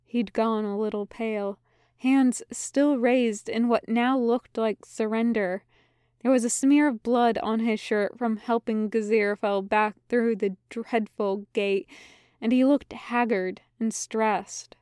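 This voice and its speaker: A woman narrating a story aloud in a measured, expressive reading. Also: on the high side, clean tone, no room sound, clean studio sound. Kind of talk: reading fan fiction aloud.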